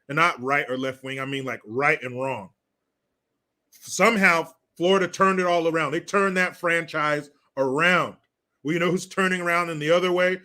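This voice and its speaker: A man's voice: on the high side, bright, forceful tone. A man hosting a live stream, ranting through political commentary in a crude, sarcastic way and swearing freely. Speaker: livestream host.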